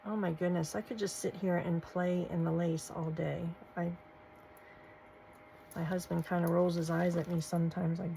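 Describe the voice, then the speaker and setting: A woman, gushing softly as she shows off craft supplies in a casual vlog. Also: fairly low pitch, little pitch movement, normal speed, gravelly, slight background noise, rough recording. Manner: gushing, soft-spoken, folksy. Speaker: crafting channel host. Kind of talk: casual show-and-tell vlog.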